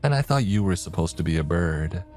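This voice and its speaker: A man's voice: deep voice, expressive, fairly quick, a little mellow, soft background music. A man voicing a young woman werewolf who pleads in a strained voice. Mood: wry.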